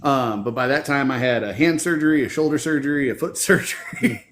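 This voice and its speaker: Casting note: man, mid-pitched, dry self-deprecating humor, casual chat. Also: wildly swooping pitch, a little fast, a bit bright. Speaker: podcast co-host.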